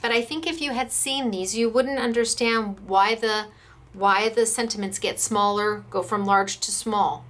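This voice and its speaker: A woman's voice: medium pitch, steady tone, measured pace, a bit bright. An American woman who runs a craft shop, chatting enthusiastically as she demonstrates stamps and dies and gushes over the samples.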